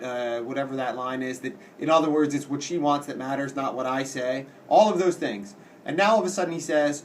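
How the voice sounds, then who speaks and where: A man giving a casual lecture as a teacher, explaining in plain words and reading quoted lines slowly with dramatic weight. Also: fairly high pitch, recorded from a distance, a little hiss or hum. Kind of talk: casual classroom-style lecture.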